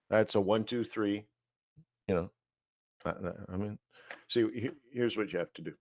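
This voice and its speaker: A man teaching trading live, walking through price charts slowly, thinking aloud with fillers and asides. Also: lowish voice, darkish tone, dry recording, clean studio sound. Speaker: trading educator.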